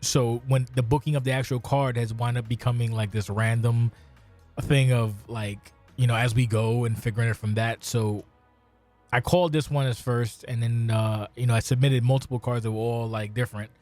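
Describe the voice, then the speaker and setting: A man's voice: mid-range voice, steady tone, normal speed, a little mellow, faint music behind. A man hosting a casual podcast chat, cursing freely and directing the order of speakers. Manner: swears freely, runs the order. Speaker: podcast host.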